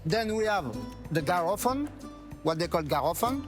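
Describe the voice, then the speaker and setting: French-accented man chef, halting English. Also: sits high, lively intonation, music in the background. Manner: halting, searching for English words. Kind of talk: cooking demonstration chat.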